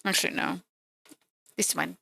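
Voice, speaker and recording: A woman's voice: moderate pace, bright, forceful tone, no room sound. A woman streaming as she paints miniatures, chatting casually and teasing her cat at home. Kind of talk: casual live-stream chat.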